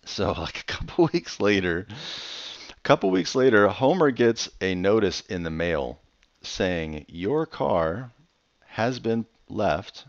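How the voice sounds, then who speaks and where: A young man with a low voice talks over his gameplay in a chatty, rambling way. His pitch swings widely as he jumps into playful asides. The dry recording sounds a little dull and lo-fi. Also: expressive, measured pace, no echo. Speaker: Minecraft let's player. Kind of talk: casual gameplay commentary.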